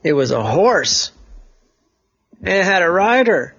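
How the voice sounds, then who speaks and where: A man's voice: high-pitched, big pitch swings, a little slow, a bit bright, breathy edge, muffled recording. A father improvising a bedtime story, rambling and correcting himself as he goes.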